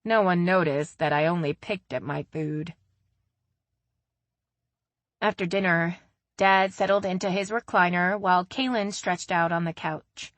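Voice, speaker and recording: A woman narrating a first-person romance audiobook in an even, steady storytelling manner. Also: fairly low pitch, measured pace, long pauses, no room sound.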